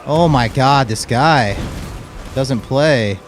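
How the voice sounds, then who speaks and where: A man's voice: mid-range voice, slow pace. Young male streamer, casual and blunt, mid-range voice, faint music under him. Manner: casual and blunt, calls people dude and bro. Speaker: game streamer. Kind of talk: live gameplay commentary with chat.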